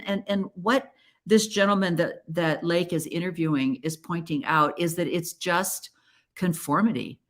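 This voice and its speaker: A woman hosting a podcast, talking in an earnest, chatty and encouraging way. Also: on the low side. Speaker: podcast host. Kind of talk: casual solo podcast talk.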